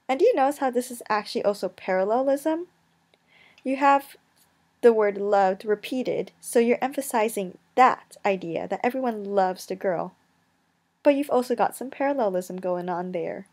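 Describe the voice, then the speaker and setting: A young woman walks through a lesson in an easy, conversational way. She throws in rhetorical questions and playful asides as she explains, her voice sitting at an ordinary middle pitch. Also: lively intonation, normal speed, a little mellow. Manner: chatty, asks rhetorical questions, jokey asides. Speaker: teacher.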